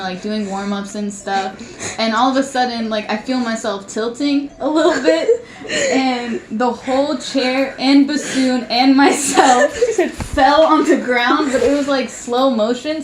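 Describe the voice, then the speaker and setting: A woman's voice: high voice, slight background noise. A teenage girl and senior band student who tells a casual story with lots of giggles and fillers. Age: teens. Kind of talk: casual anecdote. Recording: roomy with music behind.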